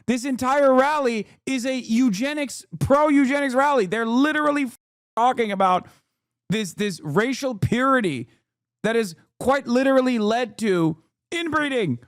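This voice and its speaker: A man's voice: very high-pitched, expressive, normal speed, smooth, dry recording, studio quality. A man streaming his reaction to a video, ranting in exasperation, his voice climbing as he gets worked up. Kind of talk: live-stream reaction commentary.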